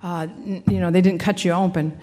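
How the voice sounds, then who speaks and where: A woman's voice: fairly low pitch, steady tone, a little fast, mellow, long reverb tail. A woman giving an earnest personal faith testimony in a conversational storytelling way, with frequent restarts. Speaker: speaker sharing a personal testimony.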